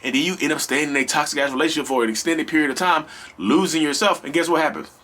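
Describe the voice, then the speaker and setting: A man hosting a casual advice vlog, talking straight to his viewers in an animated, slangy, rambling way. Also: fairly high pitch, fast talker. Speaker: vlog host.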